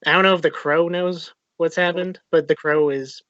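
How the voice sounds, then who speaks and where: A man describing his character's actions in a tabletop game, talking loosely and laughing often. His voice is a little high, recorded dry and slightly dull. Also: fairly even intonation, moderate pace, fairly bright tone, no room sound. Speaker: player. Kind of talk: casual chat, tabletop game.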